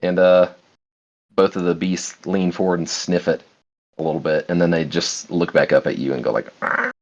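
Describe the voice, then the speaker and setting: A man's voice: low voice, steady tone, moderate pace, a little mellow, dull audio. A young man narrating as game master of a tabletop game, laid-back and often laughing, with loose fillers.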